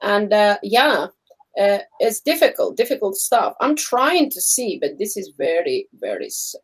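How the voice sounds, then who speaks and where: A woman from Albania with an Albanian accent, co-hosting a casual live-stream chat, animated and laughing often. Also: medium pitch, a little slow, breathy edge, low-quality recording. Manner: animated, laughs often, acts out quoted people. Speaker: co-host. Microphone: phone or webcam on a live stream.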